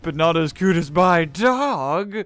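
Excitable man commentating his own gameplay, high voice that leaps all over, unhurried between outbursts, game music underneath. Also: gravelly. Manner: yelps, shouts and laughs at the game. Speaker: gaming video creator. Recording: game music playing behind the voice.

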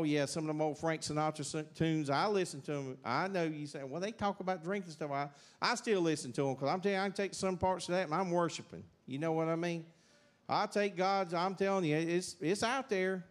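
A man preaching a communion sermon in a church. His voice sits a little high for a man, and his delivery is folksy and emphatic, full of repeated urgings to listen. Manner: folksy, emphatic, repeats "I'm telling you". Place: church sanctuary.

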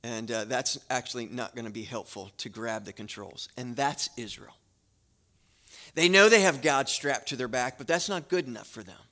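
A man preaching a sermon as a guest pastor in a church, telling a story in a relaxed conversational way with fillers before a prayer. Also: medium pitch, moderate pace. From Florida. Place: church sanctuary.

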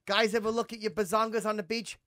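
A man's voice: high-pitched, level tone, fast, pushed and bright. A man putting on a crude cocky host. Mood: flirty. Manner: crude, flirty, dim-witted character. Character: crude cocky male podcast host character. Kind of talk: comedic character interview.

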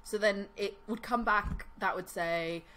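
A woman's voice: medium pitch, unhurried, bright, forceful tone. A woman co-hosting a podcast, chatting casually and laughing, with lots of "like" fillers. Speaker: podcast co-host. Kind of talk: casual chat.

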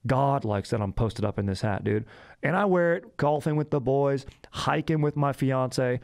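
A man's voice: mid-range voice, moderate pace, creaky, a little mellow, pitched above the performer's own voice, natural voice. A man voicing a laid-back young bro in a comic ad read, drawling slang and saying dude after every phrase. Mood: hyped.

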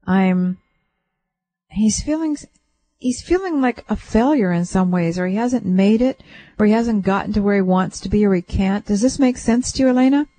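Woman radio host doing a psychic reading for a caller. Mellow, gentle and reassuring, relays it bit by bit. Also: medium pitch, moderate pace, low-quality recording. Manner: gentle, reassuring, relays what she senses in layers. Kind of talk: soothing call-in reading. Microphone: radio studio mic.

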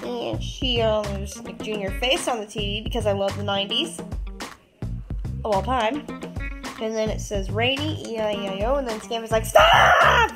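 A woman's voice: medium pitch, fairly even intonation, normal speed, loud music behind the voice. A woman chatting casually as host, showing her drawings in a giggly, rambling way with many fillers. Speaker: channel host.

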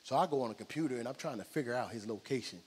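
A middle-aged man from New Jersey does stand-up in a comedy club, speaking very fast in a mid-range voice. He tells his stories with animation, acting out each side of the exchanges for the audience. The sound carries a long reverb tail and slight background noise.

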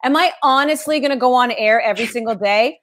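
Animated woman sportscaster telling stories. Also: a little high, fast talker. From Canada. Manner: animated storytelling, laughs often. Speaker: sportscaster guest. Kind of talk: casual interview chat.

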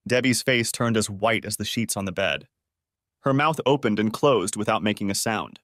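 A man's voice: on the low side, moderate pace, fairly bright tone, dry recording. Man narrating a story in a dry room. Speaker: audiobook narrator. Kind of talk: first-person story narration.

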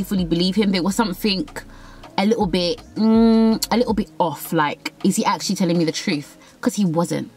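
A young woman tells a personal story in a casual, blunt way, acting out what others said. Her voice sits in a middle pitch. Faint music plays behind her. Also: a little mellow, low-quality recording. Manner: candid, swearing, acts out quotes. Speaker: vlogger.

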